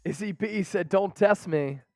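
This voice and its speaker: A man hosting a sports live stream, chatting casually and excitedly straight to his viewers as he reads out their donations. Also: high voice, a little slow, vocal fry, dry recording, clean studio sound, faint music behind. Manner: hyped, talks straight to the viewers.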